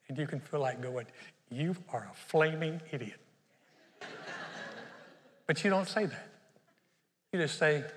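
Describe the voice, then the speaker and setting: A middle-aged man preaching a sermon as pastor, humorous and animated, telling stories with playful asides. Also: medium pitch, big-room sound.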